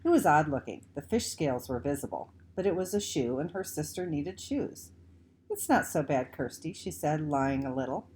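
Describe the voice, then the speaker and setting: A woman reading a children's novel aloud, measured and expressive. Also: deep voice, slight background noise. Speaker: audiobook reader. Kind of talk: storybook read-aloud narration.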